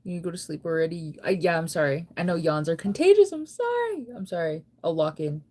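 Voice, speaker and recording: This young woman's voice is low and a little fast as she chats casually on a livestream late at night. Sleepy and yawning, she drifts from topic to topic with lots of "like."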